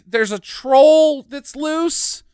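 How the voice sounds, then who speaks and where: A woman's voice: high-pitched, very slow, mellow, no room sound, clean studio sound. A woman co-hosting a podcast, riffing on a movie in a casual, profane, jokey way. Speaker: podcast co-host.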